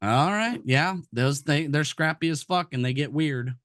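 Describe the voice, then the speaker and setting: A man co-hosting a casual sports betting podcast, joking loudly and swearing freely. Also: fairly high pitch, measured pace, no room sound, studio quality. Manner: loud, jokey, swears a lot. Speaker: podcast co-host.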